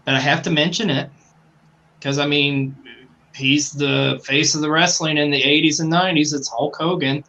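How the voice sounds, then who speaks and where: A man's voice: fairly high pitch, steady tone, normal speed, sharp tone. A man co-hosting a podcast, chatting casually and enthusiastically, rambling with fillers and swearing now and then. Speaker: podcast co-host. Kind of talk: casual chat.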